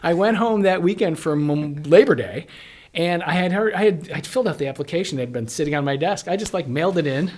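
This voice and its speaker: Middle-aged man, from Illinois, guitarist and educator, casual interview, animated storytelling, laughs often, fairly high voice. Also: fast talker. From Illinois, USA. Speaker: guest guitarist and music educator.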